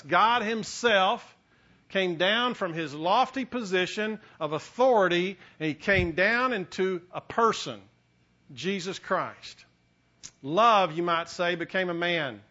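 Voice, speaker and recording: Animated high-voiced preacher man. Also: muffled recording. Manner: animated preaching, rises to emphatic peaks, many restarts. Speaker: pastor. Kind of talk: sermon.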